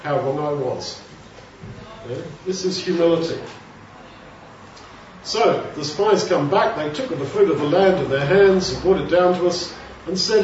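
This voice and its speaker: A man's voice: fairly high pitch, a little slow, pauses often, slight background noise. A man preaching a sermon in a conversational way, asking rhetorical questions and acting out quoted voices. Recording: very echoey hall, distant mic, dull sound.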